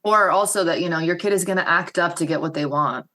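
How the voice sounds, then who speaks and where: Low-voiced woman co-hosting a podcast. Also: quick pace, bright, forceful tone. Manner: thoughtful, asks open questions. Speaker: podcast co-host. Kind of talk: casual interview chat.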